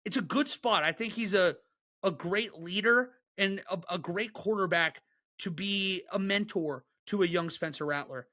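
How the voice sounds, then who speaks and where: Male podcast co-host, bright and sharp-toned, excitable and quick to rant. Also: sits high. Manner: excitable, joking, fast rants. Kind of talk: casual sports chat.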